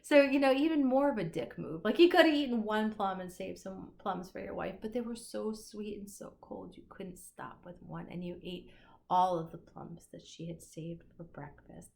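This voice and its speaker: A woman's voice: mid-range voice, moderate pace, creaky, darkish tone. A woman teacher recording a casual lecture for an online class, enthusiastic and musing, with many fillers.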